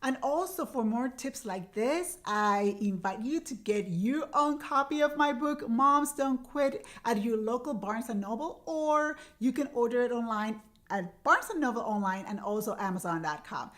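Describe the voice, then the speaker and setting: A woman's voice: on the high side, animated, moderate pace, fairly bright tone. A woman in her forties, mother of teenagers, hosting a parenting advice show in an earnest, coaching way that repeats its key points. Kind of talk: direct-to-camera parenting advice.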